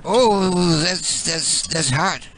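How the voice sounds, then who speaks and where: A man's voice: fairly high pitch, animated, drawn-out words, a loud crowd, low-quality recording. A man hosting prank calls, teasing and crude, chuckling at his own jokes. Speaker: radio prank caller host. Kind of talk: crude prank-call banter.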